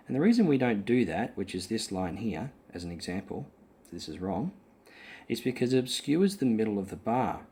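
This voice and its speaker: A man with a somewhat low voice teaches a guitar lesson, explaining note values step by step. He talks patiently, pausing on ums, and counts the beats aloud. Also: big pitch swings, mellow, slightly rough. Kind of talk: explaining rhythm in an online lesson.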